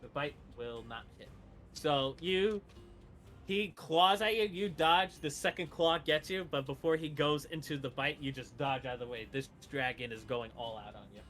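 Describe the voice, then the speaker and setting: A man running a tabletop game as game master, relaxed and quick to laugh. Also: fairly high pitch, soft background music.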